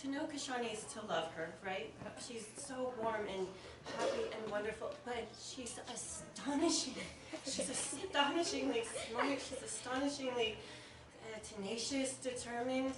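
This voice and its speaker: A woman giving a heartfelt, halting toast at a home party, tearful and repeating her words. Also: on the high side. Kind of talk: emotional toast. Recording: roomy, distant, crowd behind. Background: party guests chatting.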